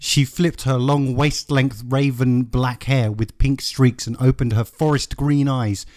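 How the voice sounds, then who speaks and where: A man reads fan fiction aloud in a flat, dry comedic delivery, with a plain, mid-pitched voice. He plays it straight so the silly text lands on its own. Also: unhurried. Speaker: podcast co-host. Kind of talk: comedic dramatic reading.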